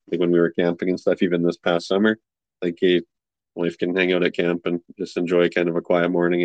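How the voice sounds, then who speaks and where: A young man hosting a podcast in a relaxed, casual way, filling his talk with likes and you knows. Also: sits low, no room sound, muffled recording. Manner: relaxed, many fillers, affirming. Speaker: podcast host. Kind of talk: casual chat.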